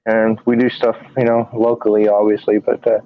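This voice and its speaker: Short on sleep, this paranormal investigator co-hosts a casual live stream in a lowish, flat, weary voice. He keeps pausing, using fillers and starting his sentences over. The sound is dry and dull lo-fi stream audio without echo.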